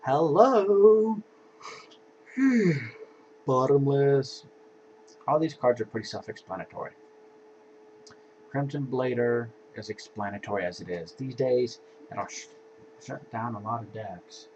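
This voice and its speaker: A man's voice: mid-range voice, normal speed, a little mellow. A man casually walking through his card game deck in an offhand, laid-back way, with sighs and yawns between cards. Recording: dull lo-fi home recording with faint hiss.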